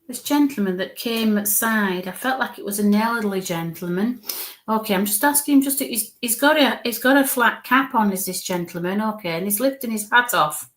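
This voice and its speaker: Northern English woman, live medium reader, talks to viewers in a warm-hearted, reassuring ramble. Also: mid-range voice, a little fast. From northern England. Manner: chatty, reassuring, repeats okay and bless you. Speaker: medium giving live readings. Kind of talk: live spirit reading to online viewers.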